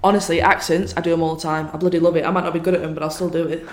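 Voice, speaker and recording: A woman's voice: deep voice, level tone, rapid-fire. A young woman, chatting casually as a podcast guest, laughing often and swearing freely. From northern England. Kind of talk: casual chat. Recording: roomy room, faint noise.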